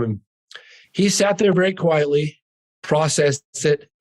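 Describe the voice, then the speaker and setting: A middle-aged American man is a guest on a podcast, recounting events in a fairly high voice. He talks earnestly and with emphasis, insisting over and over that every word is true. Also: animated, a little slow, pauses often, low-quality recording. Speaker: guest, documentary filmmaker. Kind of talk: animated storytelling.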